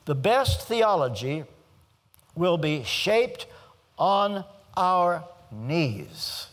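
An older man from the United States gives a theology lecture in a slow, weighty preaching cadence, leaving dramatic pauses between phrases. His voice sits somewhat high for a man and swings widely in pitch as he stresses key words. A long hall reverb trails after each line. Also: sing-song, fairly bright tone. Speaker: theology teacher.

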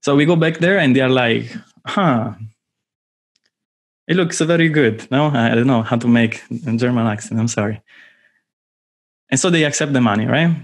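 A man with an Italian accent, from southern Italy, giving an informal online lecture with playful, animated storytelling. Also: mid-range voice, a little fast.

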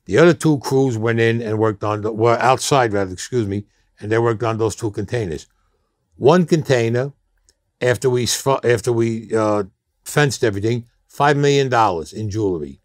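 A man tells a long story in a blunt, streetwise way at a middling pitch. The sound is dry and close. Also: moderate pace, no echo. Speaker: interview guest. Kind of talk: storytelling interview.

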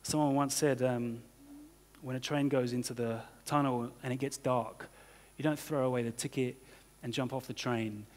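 The recording carries church hall reverb as a pastor gives a sermon there, talking conversationally and leaning on "you know" and "kind of." He has a mid-range voice with fairly even intonation and speaks at normal speed.

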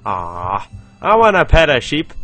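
A man's voice: a little high, wildly swooping pitch, a little slow, fairly bright tone, faint music behind. A young man hosting a casual let's-play, rambling, giggling and reading game text aloud. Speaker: gaming channel host.

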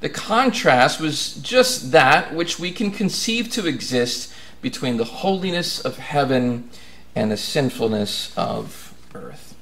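A man's voice: medium pitch, expressive, takes it slowly, a bit bright. A man preaching a sermon in an earnest way, building to emphatic questions.

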